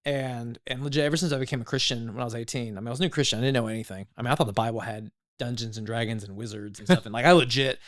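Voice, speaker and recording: A man in his thirties, a podcast guest telling his story in a casual, animated way, full of "like" and "legit". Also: mid-range voice, racing, hardly any pauses.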